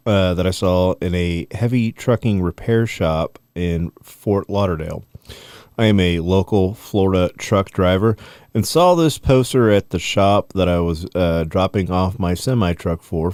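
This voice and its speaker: Co-host read: a man with a low, smooth, resonant voice, close and dry. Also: darkish tone, no room sound. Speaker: podcast co-host. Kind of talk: reading a listener email aloud.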